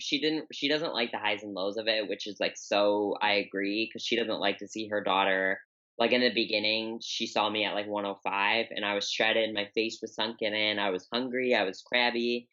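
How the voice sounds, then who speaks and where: With an extremely low pitch, a steady, sharp tone, and a moderate pace, a young woman guests on a podcast for a casual chat. She has a Chicago accent, is in her twenties, and leans heavily on "like" and repeats. The recording's highs are cut off.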